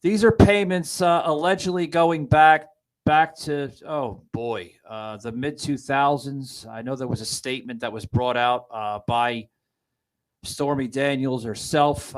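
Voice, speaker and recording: A man hosting a podcast, giving political commentary in a halting, distraught way with many restarts. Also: medium pitch, low-quality recording. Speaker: podcast host.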